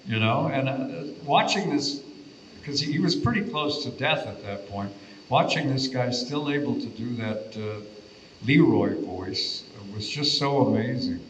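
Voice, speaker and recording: A man's voice: medium pitch, animated, measured pace, a little hiss or hum. An older man, a voice actor on a convention panel, reminiscing admiringly about studio days. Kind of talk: anecdotal panel storytelling. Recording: echoey room.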